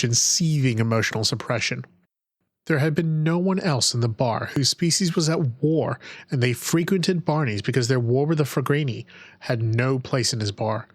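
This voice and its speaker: A man narrating a sci-fi audiobook in a measured, even storytelling manner, on a close microphone. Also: mid-range voice, husky, no room sound, poor audio.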